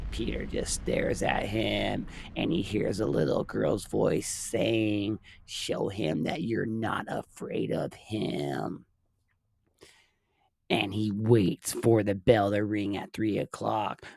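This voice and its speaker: A man narrating a movie plot recap in a plain, steady storytelling manner. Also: fairly low pitch, creaky.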